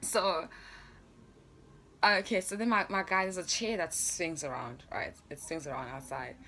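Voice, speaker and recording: A woman's voice: lowish voice, steady tone, unhurried, bright, forceful tone, slight background noise. A young adult woman telling a story in a casual vlog, chatty and laughing often, with plenty of fillers. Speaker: vlogger.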